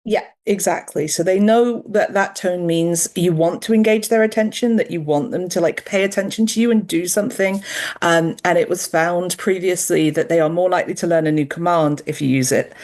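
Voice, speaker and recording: A woman's voice: lowish voice, a little mellow. A woman from the UK, a dog behavior researcher explaining her study in a friendly, upbeat way. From United Kingdom. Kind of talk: remote interview guest.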